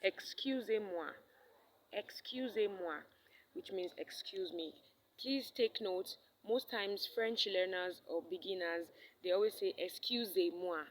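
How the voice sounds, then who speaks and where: A woman's voice: mid-range voice, a little slow, slight background noise, low-quality recording. A woman teaching a French lesson in English, repeating each phrase and checking in with "all right?". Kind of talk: recorded language lesson.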